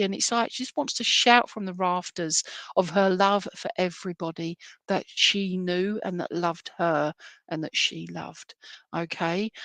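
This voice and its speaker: A British woman working as a medium, gently passing on a spirit message and often checking in with "all right?" and "okay?". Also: mid-range voice, no echo.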